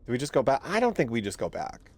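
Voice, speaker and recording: A man's voice: medium pitch, wildly swooping pitch, quick pace, a little mellow. A young man giving jumpy, profane let's-play commentary on a horror game, laughing and complaining at the game. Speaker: gaming streamer.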